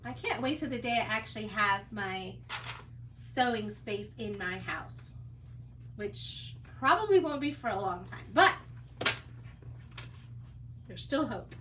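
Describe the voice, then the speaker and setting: A woman's voice: fairly high pitch, lively intonation, measured pace, long pauses, bright, forceful tone. A woman hosting a sewing live stream, chatting casually and laughing often as she answers viewers while she works. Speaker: sewing livestream host. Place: sewing workspace away from home. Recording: distant mic with audible background noise.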